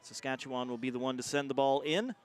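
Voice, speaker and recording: A man calling live rugby play-by-play as the main commentator, quick and energetic in his delivery. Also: medium pitch, background noise.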